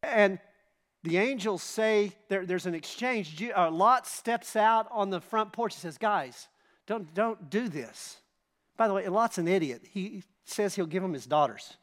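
High-voiced man preaching emphatically. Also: expressive, moderate pace, a bit bright. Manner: emphatic, with rhetorical questions to the congregation; dramatic retelling of scripture. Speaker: pastor. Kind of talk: sermon.

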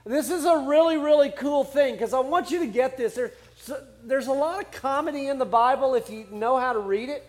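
A man's voice: extremely high pitch, brisk, hardly any pauses. A man preaching a sermon in a conversational, humorous way, acting out quotes from the scripture as he goes. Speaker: pastor.

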